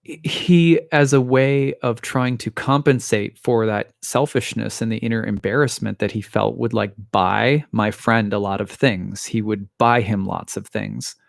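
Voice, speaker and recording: A man in his thirties, an astrologer, speaks in a lowish, creaky voice at a slightly slow pace with few pauses. He gives a reflective personal monologue, thoughtful, restarting often and laughing softly. The studio-quality recording has no room sound.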